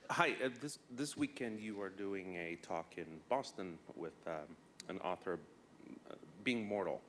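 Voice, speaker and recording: Deep-voiced man with a halting question. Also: expressive, fairly bright tone, slight background noise. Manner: halting, searching for words. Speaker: audience member asking a question. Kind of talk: audience question at a talk.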